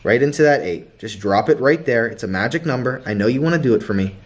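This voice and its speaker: A man streaming a live casino game, pleading and chanting at the wheel and breaking into loud shouts. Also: medium pitch, lively intonation, fast talker. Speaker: gambling streamer. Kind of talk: excited live casino commentary.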